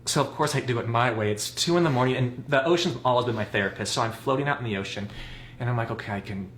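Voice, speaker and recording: A man's voice: medium pitch, quick pace, fairly bright tone. Candid man in his forties, roomy sound. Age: 40s. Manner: candid, rambling storytelling. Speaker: guest. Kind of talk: casual chat. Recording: roomy with faint noise.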